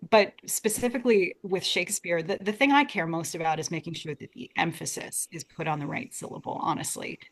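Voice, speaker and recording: A woman's voice: lowish voice, fairly quick, few pauses. A young American woman, a guest talking earnestly about Shakespeare in a casual interview, often restarting her words. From United States. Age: young adult.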